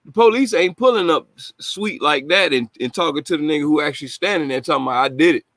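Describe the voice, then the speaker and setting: A man's voice: fairly high pitch, lively intonation, fast, fairly bright tone, no echo. Heated, swearing man reacting, dry sound. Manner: indignant, heated, swears freely. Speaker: host reacting to news clips. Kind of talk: casual profane commentary.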